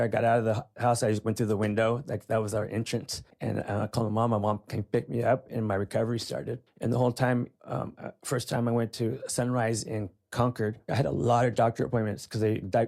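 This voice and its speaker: A man in his forties tells a personal story in a plain, unpolished way, his voice sitting a little low. He leans on "you know" as he goes, and emotion pushes close to tears at points. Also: vocal fry, darkish tone. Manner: plain-spoken, with frequent "you know" fillers. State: emotional, near tears at times. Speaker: podcast guest.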